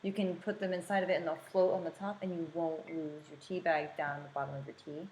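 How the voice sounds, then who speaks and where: An American woman rambles through easygoing explanations in casual chat. Her voice sits on the lower side, and the room adds a noticeable echo with a faint hiss. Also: little pitch movement, fast talker, darkish tone. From United States. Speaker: co-host.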